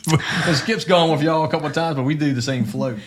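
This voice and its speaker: A man's voice: a little high, a little fast, over a noisy crowd. Rambling profane man telling stories. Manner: rambling, profane, frequent restarts. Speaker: podcast co-host. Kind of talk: casual storytelling chat.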